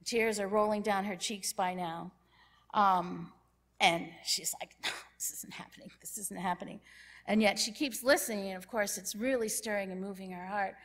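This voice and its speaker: A woman giving a sermon in a church, telling a story in a lively way and acting out what the people in it say. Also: medium pitch. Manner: lively storyteller who acts out characters' lines. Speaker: church speaker. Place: church sanctuary.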